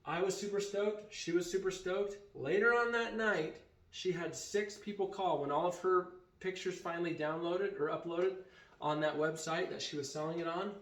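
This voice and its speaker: Animated storytelling man in echoey room. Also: sits high, normal speed. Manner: animated retelling that acts out quoted dialogue. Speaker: vacation rental owner and vlogger. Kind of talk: casual storytelling vlog.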